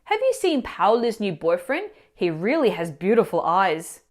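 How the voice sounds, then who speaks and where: A woman teacher explaining grammar mistakes in clear, instructive scripted narration, asking the viewer questions. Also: mid-range voice, big pitch swings, normal speed. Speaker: language teacher.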